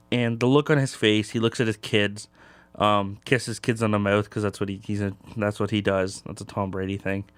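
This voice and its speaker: A man's voice: fairly low pitch, a bit bright, smooth, no room sound. A young man hosting a casual sports talk show, rambling with lots of fillers. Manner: loose and rambling, many fillers.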